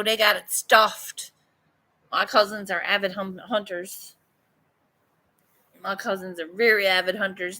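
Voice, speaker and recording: A woman with a Newfoundland accent chats with her viewers in an unhurried, drawn-out way. Her voice is bright and forceful, and she swears freely and laughs often. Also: medium pitch. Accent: Newfoundland English. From Newfoundland, Canada. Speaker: artist vlogger. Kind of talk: casual live chat to viewers.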